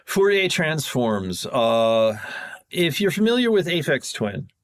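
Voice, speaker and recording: A man on a podcast as a guest sound designer, casually explaining technical ideas in a rambling, self-correcting way. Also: slow pace. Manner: rambling, self-correcting, jumps in pitch when excited.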